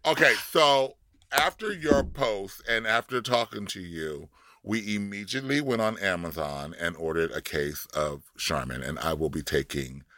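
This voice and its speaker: A man co-hosting a podcast in casual chat, sassy, with drawn-out exclamations. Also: fairly low pitch, sharp tone, dry recording, studio quality. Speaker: podcast co-host.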